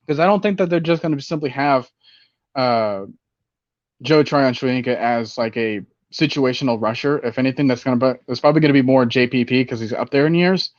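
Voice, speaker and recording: A man hosting a casual fantasy football show, rambling and animated, with many fillers. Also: mid-range voice, moderate pace, no echo, lo-fi sound. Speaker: fantasy football podcast host. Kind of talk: casual sports talk.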